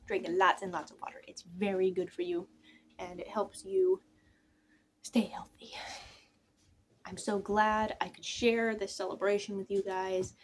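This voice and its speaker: Young woman, casual vlog chat, rambling, soft near-whisper moments, mid pitch, faint background noise. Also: little pitch movement, measured pace, long pauses. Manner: rambling, trails off and restarts. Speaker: channel creator.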